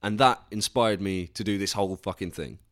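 A man's voice: deep voice, a little fast, a bit bright, no room sound, clean studio sound. A young man hosting a solo podcast in a casual, rambling way, restarting often, swearing casually and putting himself down. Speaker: podcast host.

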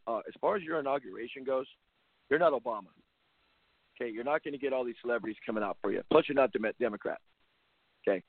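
A medium-pitched man with a breathy edge rants as a basketball coach hosting a talk show, bluntly and sarcastically repeating his points. The opinionated talk-radio tirade comes through with phone-line sound and no room ambience.

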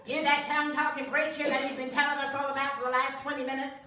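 A woman voicing a worn-out bar waitress who talks loud and blunt, heard from a distance in an echoey room. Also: sits high, little pitch movement, quick pace, crowd noise, voice pushed up, natural voice. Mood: challenging.

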